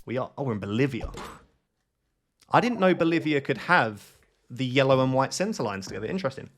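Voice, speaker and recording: A man giving live gameplay commentary, thinking aloud in an excitable, self-questioning way. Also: medium pitch, fairly quick, a little hiss or hum. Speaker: gaming YouTuber.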